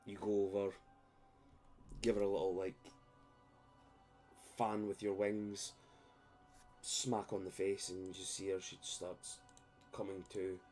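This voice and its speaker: Deep, mellow-voiced male game master. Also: completely flat delivery, takes it slowly, long pauses, faint music behind. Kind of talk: narrating a tabletop game.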